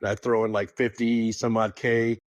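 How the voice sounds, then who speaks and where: A man co-hosting a poker podcast in casual chat, telling stories in an animated way and swearing freely. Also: on the low side, normal speed, dry recording, highs cut off. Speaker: podcast co-host.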